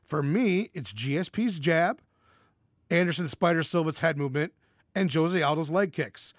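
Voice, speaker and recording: A man's voice: fairly high pitch, animated, normal speed, no room sound, studio quality. Blunt, profane male podcast host. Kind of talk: casual podcast Q&A.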